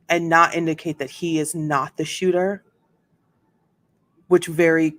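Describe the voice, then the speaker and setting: A host giving casual commentary on a court trial, chatty and full of fillers and asides, reading testimony aloud. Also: mid-range voice.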